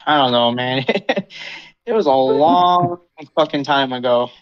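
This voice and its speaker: A man's voice: mid-range voice, takes it slowly. A young man tells a rambling, profane story to a friend on a casual podcast. He drops into short mocking voices whenever he quotes someone. The recording is muffled and lo-fi. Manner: rambling, swearing, quoting others in a mocking voice. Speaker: podcast host.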